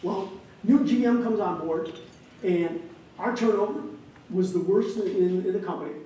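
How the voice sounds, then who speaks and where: A man in his fifties from Wisconsin gives a keynote speech as an animated storyteller with comic timing. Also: high voice, normal speed. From Wisconsin, USA. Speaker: keynote speaker. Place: large hall, on stage. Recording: echoey hall, distant mic, faint noise.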